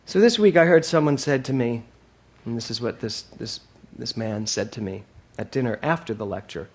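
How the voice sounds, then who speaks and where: A man's voice: mid-range voice, lively intonation, moderate pace. Male minister, mid-range voice, delivering a sermon with emphatic repetition and dynamic swings in volume. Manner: emphatic, repeats key phrases, swings from loud to soft.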